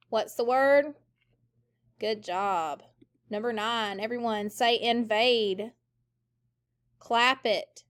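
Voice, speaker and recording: A woman teacher giving a recorded phonics lesson, sounding out words clearly in call-and-response drills for the class. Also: a little high.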